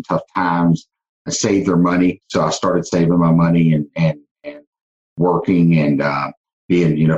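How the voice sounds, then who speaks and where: A man's voice: low voice, darkish tone. A middle-aged man with a Southern accent tells his life story in a casual podcast interview, earnest, with many restarts. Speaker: guest, car dealership owner. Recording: dull lo-fi sound.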